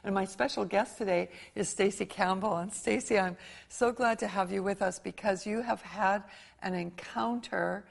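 A woman's voice: medium pitch, normal speed, vocal fry. A middle-aged woman hosting a Christian talk show, asking earnest, emphatic questions. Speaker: host.

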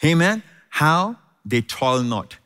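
A man's voice: on the high side, very animated, sharp tone, clear, resonant tone. A male preacher giving a sermon, emphatic and repetitive, stretching key words and adding frequent amens. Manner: emphatic, repeats phrases, frequent "amen"; drawn-out stressed words, sing-song rises. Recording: long hall reverb.

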